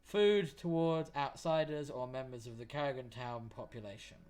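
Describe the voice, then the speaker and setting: A wary fantasy barman, guarded and stiffly formal, measuring every word, as a man puts him on. He speaks at an everyday pitch in the plain tone of a tabletop game. The wording stays cautious throughout. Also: normal speed, a little mellow, lightly acted. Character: wary middle-aged male tavern barman.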